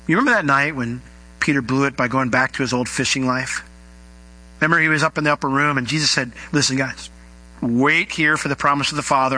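A middle-aged man preaching a sermon, telling stories and acting out the people in them with big jumps in pitch. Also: rough recording. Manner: animated storytelling, acting out quoted voices with big pitch jumps. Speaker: pastor.

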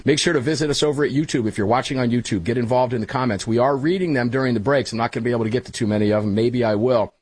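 A male radio talk show host, chatty and energetic, speaking into a studio microphone in a small studio. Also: mid-range voice, racing, few pauses, slightly rough, no echo. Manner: energetic, chatty, calls everyone brother. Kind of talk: casual talk radio hosting. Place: small hot studio full of equipment.

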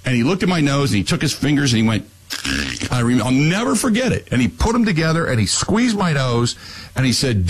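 A man's voice: medium pitch, sing-song, brisk, breathy edge, low-quality recording. A man hosting a call-in talk radio show, rambling bluntly with frequent restarts.

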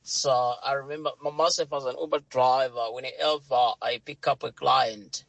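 A man's voice: mid-range voice, fairly even intonation, moderate pace, creaky, fairly bright tone, dry recording, poor audio. A man from Malawi with a British-sounding accent calling a radio show, earnest and repetitive. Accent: British-sounding English. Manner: earnest, repeats himself. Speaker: caller.

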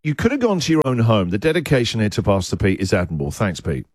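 A man hosting a radio show, teasing his co-host in quick, playful banter. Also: fairly low pitch, breathy edge, no room sound, studio quality. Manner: teasing, lively, quick to laugh.

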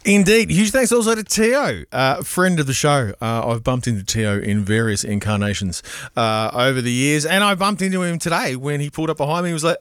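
A man's voice: medium pitch, expressive, brisk, a bit bright, clean tone, no echo, clean studio sound. A man hosting a community radio show in a chatty, rambling, playful way. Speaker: radio host. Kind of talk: casual radio chat.

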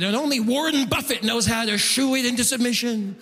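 A man performing a stand-up comedy set, animated and jumping into high excited yelps when he acts things out. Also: fairly quick, hardly any pauses. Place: comedy club stage. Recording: live show in a reverberant venue.

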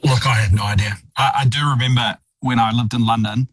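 A man, co-hosting talk radio in a relaxed, conversational way. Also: mid-range voice, brisk, slightly rough, dry recording, clean studio sound. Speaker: radio co-host. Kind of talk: talkback radio chat.

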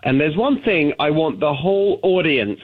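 A man with a British accent, calling in as a guest on a talk radio show, talking in an animated way and often restarting his sentences. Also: a little high, moderate pace, breathy edge. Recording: phone-line call-in audio.

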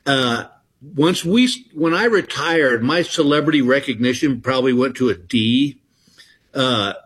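A middle-aged man, a comedian telling stories in an interview, halting and self-deprecating. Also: mid-range voice, fairly bright tone, breathy edge. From Texas. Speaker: comedian guest. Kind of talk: casual interview chat.

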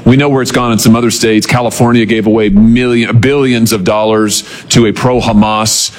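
A man's voice: on the low side, fairly even intonation, moderate pace. A man hosting a broadcast interview, pressing his questions with indignation.

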